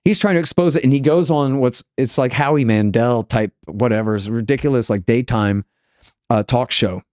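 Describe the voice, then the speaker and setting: A man from the United States, a podcast guest, talking in an animated way and acting out the people he quotes. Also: mid-range voice, normal speed, dry recording, studio quality. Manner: animated storyteller, acts out quoted voices. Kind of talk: conversational interview.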